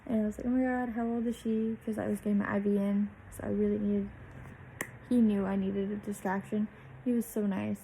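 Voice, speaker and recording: A woman's voice: mid-range voice, little pitch movement, a little fast, mellow, a little hiss or hum, low-quality recording. A young woman vlogger telling a personal story in a candid, chatty way, swearing freely.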